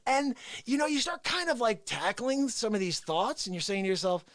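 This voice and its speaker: A man hosting a live show, telling an animated story and acting out quotes, dropping into whispers and then shouting. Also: high-pitched, normal speed, dry recording. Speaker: host of a daily live variety show. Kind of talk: unscripted live-stream monologue. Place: small room with speaker and organ.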